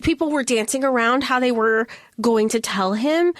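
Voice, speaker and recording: A woman co-hosting a podcast in casual chat, animated and swearing, acting out characters' lines as she argues. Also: fairly high pitch, moderate pace, no echo, clean studio sound. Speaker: podcast co-host.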